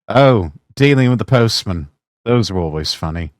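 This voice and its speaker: A man's voice: fairly low pitch, expressive, normal speed, no room sound. A man hosting a show, casually commenting on old sitcom clips with fond, rambling asides. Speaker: host.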